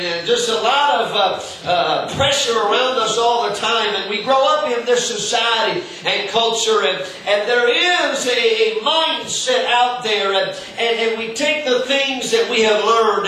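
A male pastor preaches in a very high-pitched, bright, forceful voice, halting often and repeating words while he searches for his thoughts. He's far from the mic in a very echoey room, with faint background noise.

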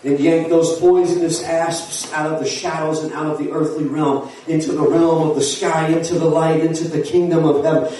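A man preaching a fiery sermon as pastor, building to shouts with folksy asides. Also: fairly high pitch, level tone, moderate pace, hardly any pauses. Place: church sanctuary. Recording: echoey hall from far off.

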